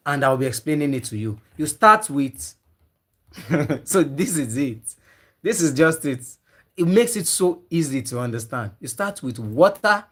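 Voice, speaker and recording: A man's voice: mid-range voice, fairly bright tone. A man teaching a live online class on fish farming, repeating his key points again and again and talking to viewers typing in the chat. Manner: emphatic, repeats key points many times.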